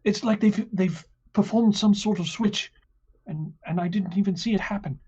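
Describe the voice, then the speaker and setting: A man voicing a nervous, flustered male guard who talks in a rushed, apologetic way. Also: mellow, slightly rough. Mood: baffled. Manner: rushed, apologetic, high-strung. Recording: dull lo-fi sound.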